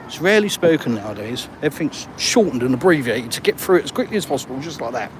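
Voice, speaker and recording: On a live-streamed walk and talk, an older vlogger from England with an English accent strolls by the water, chatting casually and matily while reading out comments. His medium-pitched voice is sing-song and quick, and street noise and passing vehicles are clearly heard behind him.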